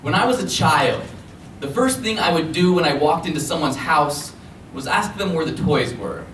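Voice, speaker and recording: A man with a fairly high voice performs slam poetry with an expressive, rhythmic delivery, slipping into chatty asides between pieces. He is picked up from a distance in an echoey room, with a faint hum of background noise underneath. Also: moderate pace. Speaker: poet. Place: library event room. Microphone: recorded from a distance.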